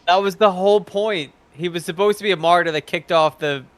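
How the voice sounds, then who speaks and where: A man's voice: high voice, fairly quick, smooth. A man from Ireland, co-hosting a podcast and weighing his opinions carefully, with many fillers. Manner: thoughtful, hedging, with many fillers. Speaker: podcast co-host. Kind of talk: casual comic-book ranking chat.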